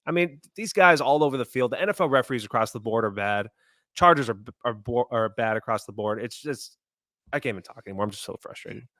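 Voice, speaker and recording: Dude griping on a football podcast, bright edgy voice, dry close sound. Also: male voice, mid-range voice, lively intonation, quick pace, no echo. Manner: frustrated, blunt, complaining. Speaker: podcast co-host. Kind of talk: casual sports chat.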